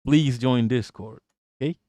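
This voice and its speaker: A man's voice: medium pitch, unhurried, dark tone, no echo, clean studio sound. Blunt, profane man streaming live. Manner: profane, blunt, laughs often. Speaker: live-stream political commentator. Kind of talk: casual live-stream commentary reading chat.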